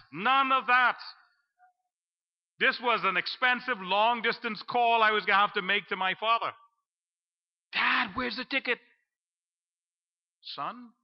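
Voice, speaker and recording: A man preaching a storytelling sermon in church, acting out his own panic and dropping to a low hush for the voice of God. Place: church sanctuary. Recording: dull lo-fi live stream.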